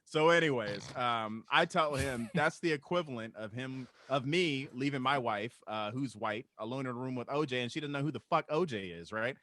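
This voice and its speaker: A man's voice: medium pitch, normal speed, few pauses, pushed and bright. A young adult man, a stand-up comedian, telling a loose, profane story on a casual podcast. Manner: loose, profane, laughs through his story.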